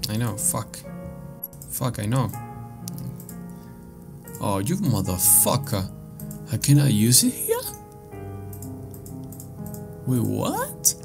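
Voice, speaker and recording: Profane, jumpy let's-play man, lowish voice. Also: takes it slowly, creaky, long pauses, music in the background. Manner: swears a lot, excitable startled reactions. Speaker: gameplay commentator.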